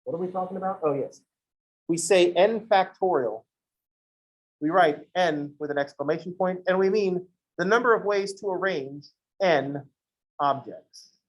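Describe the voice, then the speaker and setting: A man's voice: sits high, unhurried, lo-fi sound. A man teaching a math class in a casual lecture style, with joking, digressive asides. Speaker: math instructor.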